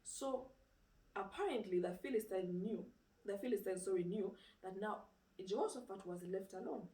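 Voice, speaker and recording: Her sermon is casual: this woman preacher relives a story animatedly, tossing out rhetorical questions and saying "you know" often. She talks at normal speed in a mid-range voice, recorded from a distance with a roomy sound.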